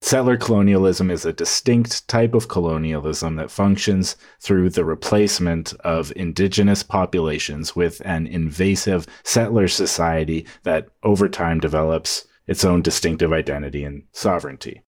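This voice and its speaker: A man with a very deep voice co-hosting a casual podcast. He talks in a relaxed, wry manner. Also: normal speed, hardly any pauses. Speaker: podcast co-host.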